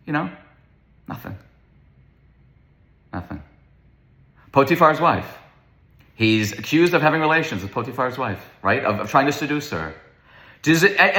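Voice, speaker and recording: A man's voice: a little high, bright, forceful tone. A man teaching a Torah lecture, speaking emphatically, asking rhetorical questions and repeating words for stress. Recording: roomy echo.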